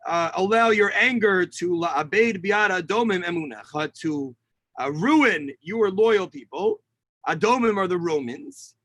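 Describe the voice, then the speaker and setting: A rabbi teaches an online lesson on Tisha B'Av kinot from a home setup over a video call mic, reading Hebrew lines and explaining and translating them with many fillers. His voice is high-pitched and a bit bright, with lively intonation, normal speed and no room sound.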